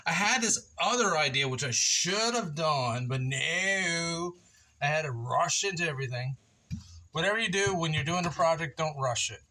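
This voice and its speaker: Casual vlogger, man, very bright and animated, chatty and self-mocking, faint hiss behind. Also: on the high side. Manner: playful, chatty, laughs at himself, talks to viewers by name. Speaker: woodworking vlogger. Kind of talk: casual chat to viewers while building. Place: kitchen table, indoors.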